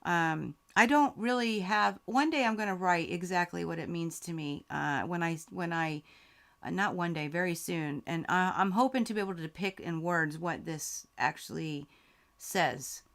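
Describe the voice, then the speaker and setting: A woman's voice: on the low side, moderate pace, creaky, fairly bright tone. A woman hosting a live quilting Q&A stream, talking heartfelt and grateful while reading out viewer comments, close to tears. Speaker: quilting channel host.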